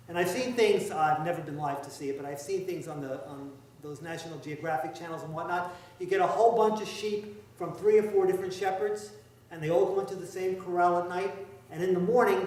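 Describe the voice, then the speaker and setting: A man preaching in a church, heard from a distance in a very echoey space with soft room ambience behind him. His voice is fairly high, and he talks in a conversational, wry way, pressing hard on his points. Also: a little hiss or hum. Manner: conversational, wry, emphatic, with asides. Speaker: priest. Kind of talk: sermon. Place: church sanctuary.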